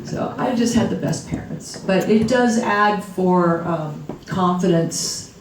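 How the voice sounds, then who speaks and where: A woman's voice: mid-range voice, measured pace, background noise. A middle-aged woman, an author at a book launch, telling stories on stage with frequent laughter. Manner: laughing, chatty storyteller. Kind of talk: storytelling talk on stage. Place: music venue before a live crowd. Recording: echoey room from far off.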